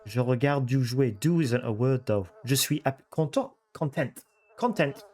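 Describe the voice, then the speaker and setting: A man's voice: medium pitch, normal speed, dark tone. Chatty man streaming from home. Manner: chatty, repeats phrases, self-correcting. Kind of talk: casual livestream chat. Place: home room at a computer.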